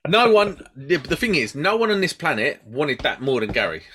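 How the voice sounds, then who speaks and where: A man's voice: fairly high pitch, very animated, moderate pace, a crowd in the background. Jokey man hosting a chat. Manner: jokey, teasing banter. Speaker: podcast host. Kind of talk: casual chat.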